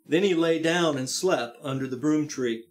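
High-voiced man reading scripture in church. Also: normal speed. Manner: reads scripture aloud, voicing speakers with rising emphasis; prayer in a soft, lower earnest voice. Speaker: pastor. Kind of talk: sermon scripture reading and prayer. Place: church sanctuary, live-streamed service.

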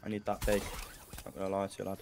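Fast-talking low gamer man. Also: completely flat delivery, vocal fry, a little mellow, a little hiss or hum. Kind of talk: casual gaming chat.

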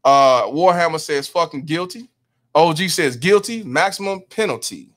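Guy running a livestream, kinda high voice, reads chat names and keeps saying hundred percent. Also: lively intonation, normal speed, a bit bright. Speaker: livestream host. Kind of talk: casual livestream chat reading comments.

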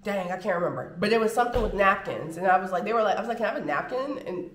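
Female vlogger, American accent, lively and chatty delivery, home room with echo, slight hum behind. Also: mid-range voice. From United States. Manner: chatty, animated, drawn-out filler words. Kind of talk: casual chat to camera.

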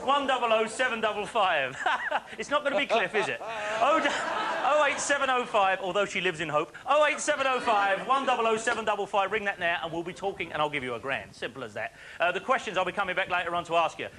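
A man presenting a phone-in quiz on a studio show, chatty and jokey with quick patter and frequent laughs. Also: high-pitched, lively intonation, bright, forceful tone. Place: TV studio with live audience. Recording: faint audience and studio noise.

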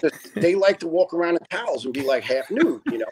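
A man in his fifties tells casual stories as a podcast guest, animated and profane. He laughs often and restarts his sentences, and his voice sits a little higher than most men's. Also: brisk, slight background noise. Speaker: podcast guest, retired fire lieutenant. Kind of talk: casual storytelling.

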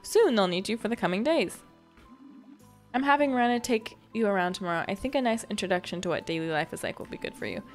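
A woman reading the lines of a gentle village elder in a cozy game, in her own voice. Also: mid-range voice, expressive, fast, soft background music, natural voice. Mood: kindly.

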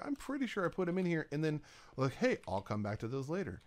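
A man's voice: mid-range voice, sing-song, fast talker. A man casually talking through his game as he plays, chatting to himself and to the items he places. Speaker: gaming YouTuber. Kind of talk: casual let's-play commentary.

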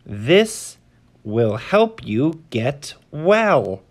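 A man voicing a small bird in a children's story, with a high, squeaky voice. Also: very animated, drawn-out words, heavily acted. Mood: cheerful.

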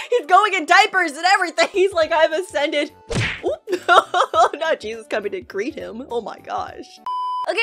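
A woman giving excitable reaction commentary on a video, laughing often and exclaiming at the screen. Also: very high-pitched. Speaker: YouTuber reacting to animations.

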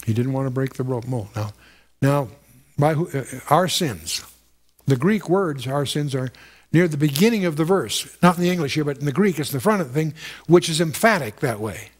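A man's voice: a little high, expressive, normal speed. A man giving a conversational, verse-by-verse Bible teaching, stressing points and repeating phrases, lifting his voice when reading scripture.

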